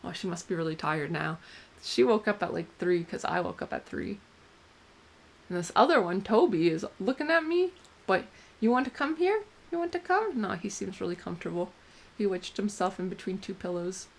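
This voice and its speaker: A woman's voice: on the low side, animated, normal speed, gravelly. Woman rambling to her camera, giggles a lot, says like and um constantly, casual diary vlog. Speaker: vlogger. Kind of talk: casual confessional chat to camera.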